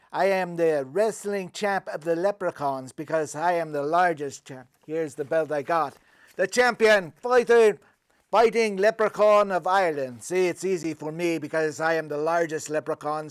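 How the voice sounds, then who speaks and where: Comedy sketch: man doing a high-voiced, boastful leprechaun, hammy, unhurried, crisp and dry. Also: no echo. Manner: joking, proud and hammy. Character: boastful big male leprechaun wrestling champ. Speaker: comedy host.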